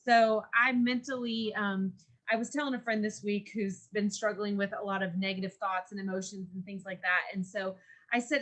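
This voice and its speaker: A woman co-hosting a podcast in casual chat, animated and laughing often as she tells stories. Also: mid-range voice, normal speed. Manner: animated, laughs often, acts out stern mom voice. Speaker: podcast co-host; mother.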